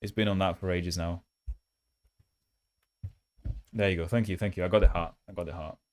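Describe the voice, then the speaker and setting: Hosting a coding livestream, a man with a low, steady voice talks fast, chatting casually and reading chat aloud while his build runs. He's chatty and self-mocking, sometimes holding his handheld mic close for a mock ASMR voice, and there's no room sound.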